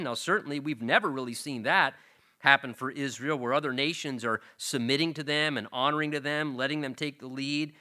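Bright-voiced pastor teaching verse by verse. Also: male voice, mid-range voice, fairly quick. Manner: teaching, verse-by-verse explanation with repeated words. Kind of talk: expository sermon.

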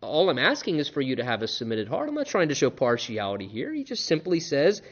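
A man preaching a sermon in an earnest, animated way, often repeating himself and restarting his sentences. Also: mid-range voice, quick pace, dull audio. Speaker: pastor.

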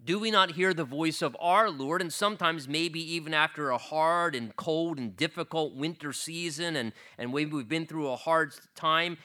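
A man preaching an expository sermon in a sharp, very bright, slightly high voice. He explains earnestly and often goes back over his words. He gets animated as he retells the scripture. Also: normal speed, few pauses. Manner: earnest, repeats himself while explaining. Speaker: pastor. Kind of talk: expository Bible teaching sermon.

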